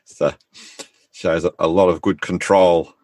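Very deep, slow-talking podcast host. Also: male voice, dry recording. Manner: relaxed, brief encouraging replies. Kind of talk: interview questions.

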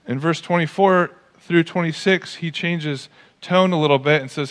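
A male pastor preaching a sermon to his congregation, animated and acting out the quoted voices. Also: fairly high pitch, moderate pace. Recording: long church hall reverb.

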